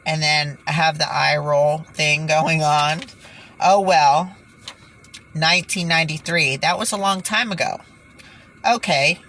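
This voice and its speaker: Woman, low voice, slow delivery, exasperated, sighing, indignant vlog commentary, faint background hiss. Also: fairly even intonation, a bit bright. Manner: exasperated, sighing, stumbles over words. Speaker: channel host.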